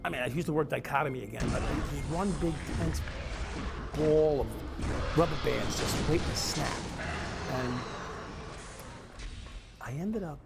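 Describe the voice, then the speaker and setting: A man's voice: on the high side, measured pace, creaky, long pauses. A middle-aged man, a former police officer telling his own story in a blunt, profane, confessional way. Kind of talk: candid storytelling. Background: music playing.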